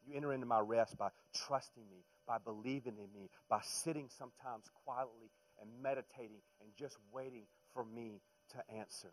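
A middle-aged man preaching a sermon in a conversational way, dropping to hushed tones and rising to loud emphatic bursts, often repeating words as he goes. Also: mid-range voice, fairly even intonation, normal speed, few pauses, low-quality recording. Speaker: pastor.

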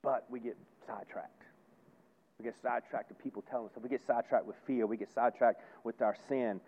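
A man preaching a sermon as pastor, folksy and emphatic, repeating phrases and swinging between loud and hushed. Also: medium pitch, fairly even intonation, fast, husky. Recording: tinny phone-like sound.

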